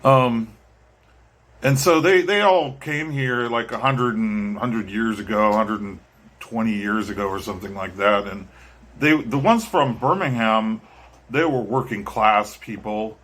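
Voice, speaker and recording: A man's voice: on the low side, a little slow, fairly bright tone. A man talking casually to the camera as a vlogger, rambling and hesitant with many ums and restarts. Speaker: vlogger and musician.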